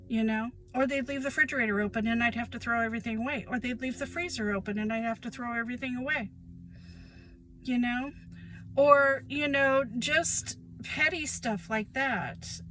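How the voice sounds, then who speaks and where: Woman, somewhat high voice, indignant, emphatic, casual monologue. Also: bright, forceful tone, slight background noise, rough recording. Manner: emphatic, indignant, repeats phrases. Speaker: vlogger sharing personal experience.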